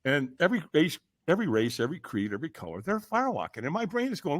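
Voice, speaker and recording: A man telling a personal story as a podcast guest, lively and emphatic, acting out quoted lines with sudden shouts. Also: a little high, fast talker. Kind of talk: animated storytelling in conversation.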